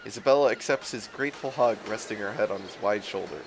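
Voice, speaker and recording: A man's voice: on the low side, quick pace, few pauses, noisy background. A man streaming a video game, reading its text aloud and making sarcastic, profane, rambling comments. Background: game music.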